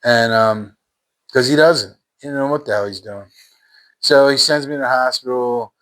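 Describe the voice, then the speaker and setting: A man's voice: medium pitch, normal speed, fairly bright tone. A man telling his personal faith testimony in a fervent, emphatic way, repeating phrases in casual everyday speech.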